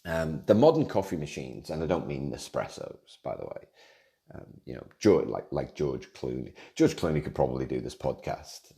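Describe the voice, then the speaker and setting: A man's voice: very deep voice, expressive, moderate pace, creaky, warm tone. A man hosting a casual solo podcast, rambling along with frequent restarts, repeated words and self-deprecating jokes. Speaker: podcast host.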